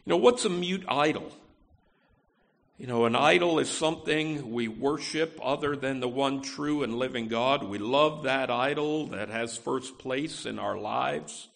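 Gravelly-voiced preaching man. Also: medium pitch, unhurried, a bit bright. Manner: conversational preaching with frequent "you know" and restarts. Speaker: pastor. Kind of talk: sermon.

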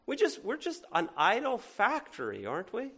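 A pastor with a fairly high voice for a man and an accent that blends Cajun with northern speech. He preaches conversationally in a church, tossing rhetorical questions at the congregation and swinging between loud and hushed. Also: wildly swooping pitch, normal speed, husky. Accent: Cajun mixed with northern US. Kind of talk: sermon.

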